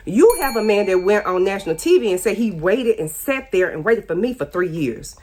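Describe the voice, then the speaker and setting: A woman's voice: mid-range voice, slight background noise. A woman in her forties telling her side of a painful family story in a candid, pointed, repetitive way, her speech loose and informal. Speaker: speaking out about her ex-husband. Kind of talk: emotional personal testimony.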